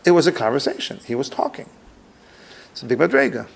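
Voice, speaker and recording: A man's voice: fairly high pitch, wildly swooping pitch, fast talker, vocal fry, slightly rough. A man teaching a religious class, reading Hebrew texts aloud and translating each line, thinking aloud with restarts. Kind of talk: religious lecture with text reading.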